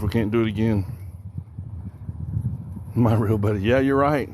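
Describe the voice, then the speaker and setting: A low-voiced man with a drawl talks casually to his viewers, joking around and a bit out of breath. He is outdoors by the water, with clear outdoor noise behind him. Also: unhurried. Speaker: fishing streamer. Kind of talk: casual live-stream chat.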